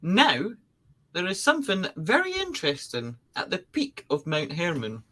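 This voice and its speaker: A woman's voice: lowish voice, wildly swooping pitch, moderate pace, a bit bright. A woman co-hosting a podcast, chatting casually and teasing out suspense with theatrical questions. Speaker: podcast co-host. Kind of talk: casual conspiracy chat.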